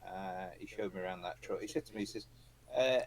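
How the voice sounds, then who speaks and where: A middle-aged man with a fairly low voice tells a casual anecdote. He acts out what other people said to him and swears now and then. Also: brisk, a crowd in the background, poor audio. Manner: storytelling, acts out quotes, swears. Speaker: trucking group owner.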